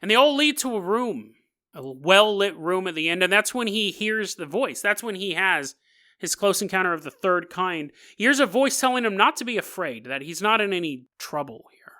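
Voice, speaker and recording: A man's voice: high-pitched, animated, moderate pace, sharp tone. A male podcast host retelling a strange story in a comedic way, full of jokey asides and chuckles. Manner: jokey asides, laughs through the telling.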